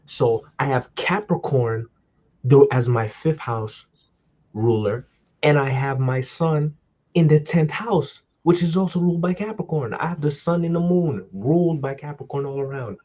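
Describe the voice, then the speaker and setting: A young man from New York, a podcast guest, calmly explaining his astrology chart in a steady, slangy way. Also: mid-range voice, unhurried, lo-fi sound. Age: young adult. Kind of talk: casual astrology chat.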